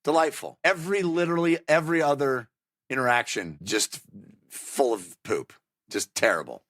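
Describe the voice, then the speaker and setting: A man's voice: moderate pace, no room sound, clean studio sound. A man co-hosting a comedy podcast, riffing playfully in casual chat. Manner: playful riffing, lively swings in pitch. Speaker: podcast co-host.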